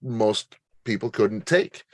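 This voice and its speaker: A man's voice: lowish voice, expressive, slow, dry recording, studio quality. A man hosting a casual interview who laughs often and agrees readily with his guest. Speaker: interview host.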